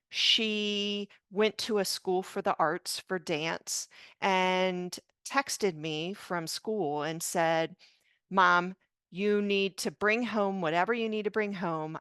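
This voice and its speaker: A doctor and mother in her fifties tells a personal story during an interview, speaking slowly, earnestly, and with emotion. Her voice is medium in pitch, smooth, and fairly bright, recorded with no echo.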